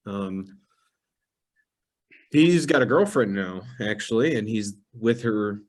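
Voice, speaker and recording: A man's voice: fairly low pitch, animated, slow. A young man hosting a casual podcast, telling stories animatedly, acting out quotes and laughing often. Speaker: podcast host. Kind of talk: casual chat.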